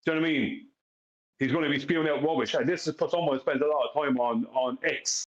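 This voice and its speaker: A man's voice: a little high, fast. An Irish man chatting on a live stream, emphatic and repetitive, often asking if you follow him. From Ireland. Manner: emphatic, repeats himself, keeps asking "you know what I mean". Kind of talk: casual live-stream chat. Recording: echoey, dull lo-fi audio.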